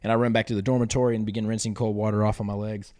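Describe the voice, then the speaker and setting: Animated man telling a story. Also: fairly low pitch, racing, no echo, studio quality. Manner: animated storyteller, acts out quotes loudly. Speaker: podcast guest, athlete. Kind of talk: casual storytelling in interview.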